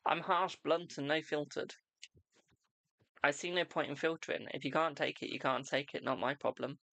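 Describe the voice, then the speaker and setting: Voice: medium pitch, fairly even intonation, normal speed, gravelly, a bit bright, no room sound. A young adult tarot reader chatting bluntly and casually on a live stream. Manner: blunt, chatty, self-deprecating.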